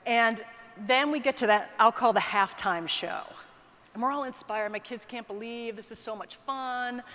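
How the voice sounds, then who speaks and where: A woman giving a keynote speech, telling an anecdote with lively asides to the audience. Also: fairly high pitch, in a large hall. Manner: animated anecdotal storytelling with asides. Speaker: keynote speaker. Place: large conference hall.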